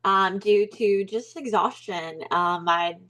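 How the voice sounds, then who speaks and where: Taking things slowly, a young woman from Alabama with a Southern accent answers as a guest in a casual interview. She's a mindset coach with a medium-pitched, fairly bright voice, reflecting hesitantly with lots of fillers and false starts.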